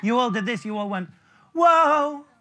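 A man's voice: sits high, expressive, moderate pace. A man leading a live audience through a song on a clip-on mic, playful and jokey as he coaches them to join in. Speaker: children's author performing a song. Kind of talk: live sing-along with an audience. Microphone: clip-on lapel mic. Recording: live performance with loud guitar backing.

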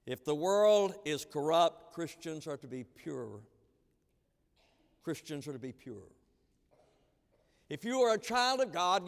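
Pastor, male, slightly high voice, emphatic sermon delivery that swings loud and hushed, long church reverb. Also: expressive, a little slow. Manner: emphatic, repeats key phrases, swings between loud and hushed.

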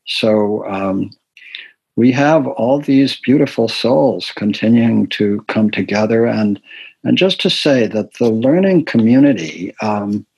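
An older man hosting a community talk series, giving soft-spoken announcements with many fillers. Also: lowish voice, expressive, takes it slowly, vocal fry, breathy edge, poor audio. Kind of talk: gentle announcements.

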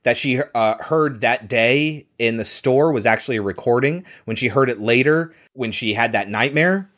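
Guy recapping a movie plot on a podcast, lively and sweary, middle pitch. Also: moderate pace. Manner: animated storytelling, swears, acts out lines. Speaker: podcast co-host. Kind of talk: casual film recap.

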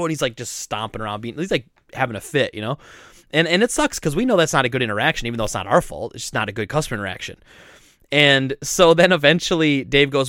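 Animated man telling store stories. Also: fairly high pitch, a little fast, no room sound, clean studio sound. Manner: animated, laughing, acts out customers and coworkers. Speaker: game store owner, podcast host. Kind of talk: casual storytelling chat.

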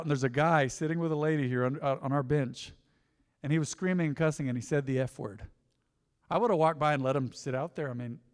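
A man preaching in a church, his fairly high voice carried by a long reverb. He's an emphatic pastor who swings from loud peaks into near-whispered drops. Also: clean tone. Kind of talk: sermon. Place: church sanctuary.

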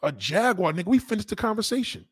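Reading viewer comments on a live stream, a man tears into one with an animated, profane rant, repeating himself for emphasis as his pitch jumps with indignation. His fast voice is slightly rough, recorded in clean studio sound without echo.

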